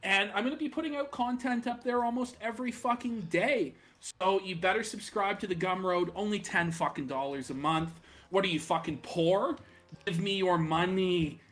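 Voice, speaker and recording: A man's voice: high voice, moderate pace, fairly bright tone. A man co-hosting a live stream, brash and crude, hyping subscriptions with mock-aggressive swearing. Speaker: co-host. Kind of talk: casual livestream chat.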